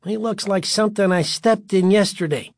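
Sarcastic teen bully boy, higher voice, read by a male narrator. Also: normal speed, no room sound, studio quality. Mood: sneering. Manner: sarcastic, taunting. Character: tough bully boy, mocking and menacing.

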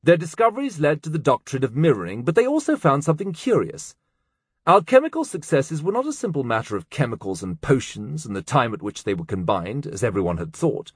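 A man's voice: medium pitch, sing-song, a little fast, husky, dry recording, studio quality, pitched above the performer's own voice. A man voicing a stern, cold older male scholar in an audiobook, with a clipped, cutting manner. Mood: lecturing. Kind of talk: audiobook character voice.

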